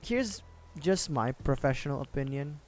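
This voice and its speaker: Lively young man rambling on stream. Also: medium pitch, moderate pace, a little hiss or hum. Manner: rambling, swears, laughs often, lots of fillers. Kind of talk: casual livestream chat while gaming.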